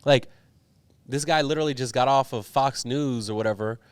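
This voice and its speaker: A man's voice: medium pitch, fairly quick, no echo. Earnest young man telling a story. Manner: earnest, animated storytelling with many fillers. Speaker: politician guest. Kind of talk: storytelling interview.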